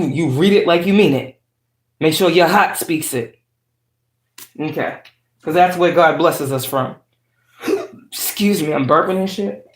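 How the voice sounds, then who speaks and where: A woman tarot reader chatting casually to her viewers, outspoken and profane. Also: low voice. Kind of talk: casual tarot reading chat. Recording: roomy echo.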